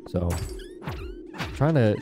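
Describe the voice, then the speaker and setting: Over background music, a young man speaks very slowly and casually to his viewers as he plays a farming game at home. He hosts a gaming channel and offers relaxed commentary on his gameplay from indoors.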